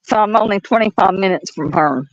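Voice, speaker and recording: A woman's voice: mid-range voice, crowd noise. Southern lady from the nc mountains yakking on her phone, kinda muffled, lots of laughing. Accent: Southern US, North Carolina mountains. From North Carolina mountains. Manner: chatty and laughing, drawn-out stories. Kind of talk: casual chat. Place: outdoors at night, walking.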